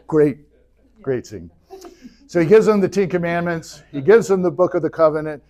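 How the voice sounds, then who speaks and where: A man teaching an adult church class, retelling scripture in a casual, joking way with quick bursts of character voices. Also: sits high, darkish tone. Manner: jokey retelling, voices biblical figures in bursts. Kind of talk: casual Bible history lecture.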